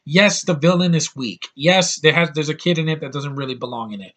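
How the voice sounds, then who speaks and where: A man's voice: a little high, fairly quick, fairly bright tone. A man in his thirties talking through a DVD haul in a casual vlog, blunt and opinionated, rambling with crude outbursts. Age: 30s. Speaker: YouTube reviewer.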